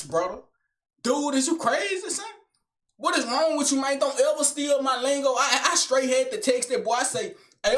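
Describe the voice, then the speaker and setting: A young man doing a high-energy comedic rant to camera, slangy and swaggering, swinging between shouting and low mutters. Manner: slangy, keeps tagging lines with son and big brother. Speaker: comedic vlogger.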